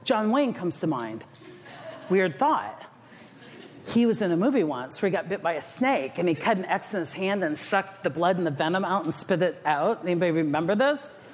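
Animated middle-aged woman speaker in a hall. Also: on the low side, moderate pace. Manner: animated, self-mocking, dramatic storytelling. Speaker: motivational speaker. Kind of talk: keynote storytelling talk to a live audience. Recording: echoey hall with faint noise.

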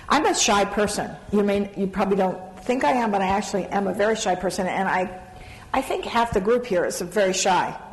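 A middle-aged woman telling a self-mocking story on a panel, animated and laughing through it. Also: medium pitch. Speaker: panel speaker. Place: large conference hall. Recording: hall reverb, faint background noise.

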